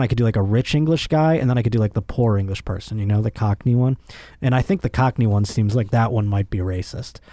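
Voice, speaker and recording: In a clean studio recording with no echo, a man hosts a comedy podcast. He delivers a casual comedic rant, animated, crude and jokey, his voice jumping high whenever he gets worked up.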